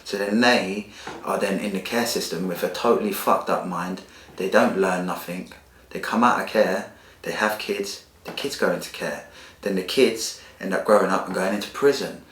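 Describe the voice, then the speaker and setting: A man's voice: low voice, moderate pace, fairly bright tone. A man, telling his life story as a podcast guest in a blunt, emotional way with street slang. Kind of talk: candid personal storytelling. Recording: echoey room.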